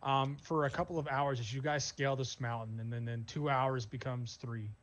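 A man narrating as game master in a tabletop role-playing game, describing scenes in a relaxed way with many fillers. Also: mid-range voice, normal speed, muffled recording.

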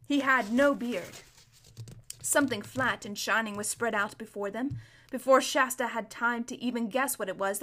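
A woman reading a storybook aloud in a steady, measured way, with the odd small slip. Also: a little high. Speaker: narrator.

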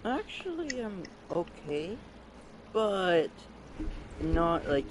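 A male guest on a casual podcast, speaking quietly and hesitantly in an offhand way, farther from the microphone. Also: high voice, big pitch swings, very slow, noisy background. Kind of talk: casual chat.

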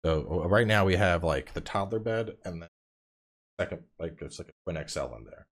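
A tired man in his thirties, a podcast guest chatting casually and telling animated stories with plenty of swearing. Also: sits low, normal speed. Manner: animated storyteller, swears freely. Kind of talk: casual chat.

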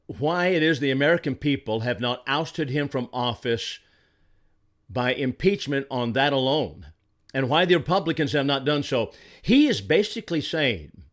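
Indignant older man, emphatic commentary. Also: fairly high pitch. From Arizona. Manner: indignant, emphatic, repeats words when heated. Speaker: political commentator. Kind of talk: solo commentary monologue.

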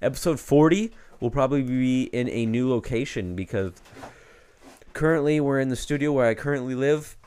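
A young man co-hosting a podcast, telling a story in a laid-back, slangy way that gets animated. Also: mid-range voice, normal speed, clean tone. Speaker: podcast co-host. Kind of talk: casual chat, storytelling. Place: home podcast studio.

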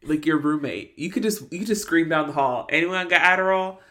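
A woman's voice: low-pitched, lively intonation, a little fast. A woman in her thirties co-hosting a podcast, chatting casually with laughing, exaggerated retellings. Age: 30s. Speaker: podcast co-host. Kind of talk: casual rewatch chat.

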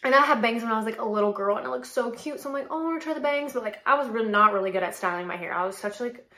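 Woman in her late twenties, slightly high voice, chatty animated storytelling, echoey room. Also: rapid-fire. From North Carolina, USA. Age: late 20s. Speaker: podcast host and model. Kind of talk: casual solo chat.

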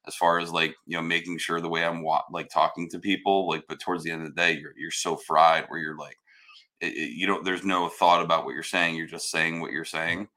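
Deep-voiced guy who talks loud and blunt, swears a lot, bright edgy tone. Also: little pitch movement, a little fast. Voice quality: hard of hearing. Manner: loud, blunt, swears freely, many restarts. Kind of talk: casual chat.

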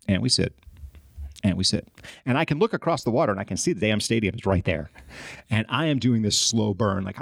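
A man telling a story as a podcast guest, animated and acting out his own frustration. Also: lowish voice, vocal fry, breathy edge, dry recording, clean studio sound. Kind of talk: storytelling in casual podcast chat.

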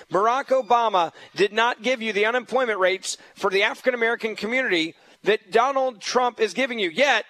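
A man's voice: very high-pitched, sharp tone, no echo, low-quality recording. A man hosting a political talk radio show as a fill-in, talking in an emphatic, combative way and repeating points for stress.

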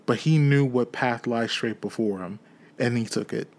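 A man reading a classic novel aloud in a steady, measured storytelling way. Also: mid-range voice. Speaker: audiobook reader.

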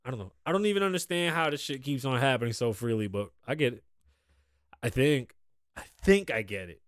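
A podcast host chats casually, reading stories and reacting to them while rambling, swearing freely, and laughing at his own tales. His medium-pitched voice is very animated, a little fast, and fairly bright. The recording is dry and studio quality.

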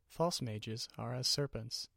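A man voicing a blank-faced female ghost guarding a door, speaking in a slow, flat, repetitive way. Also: mid-range voice, gravelly, no room sound, clean studio sound, exaggerated voice.

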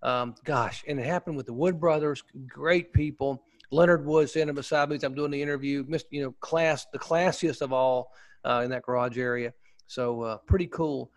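A man's voice: medium pitch, normal speed, no room sound. A man and former pit reporter, telling a story in a casual interview, enthusiastic and rambling with restarts. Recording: dull, muffled lo-fi audio.

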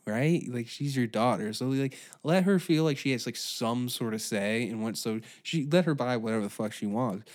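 A man's voice: mid-range voice, expressive, fairly quick, hardly any pauses, a little mellow. A man hosting a podcast, ranting through a sarcastic, profane comedic monologue. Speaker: podcast host.

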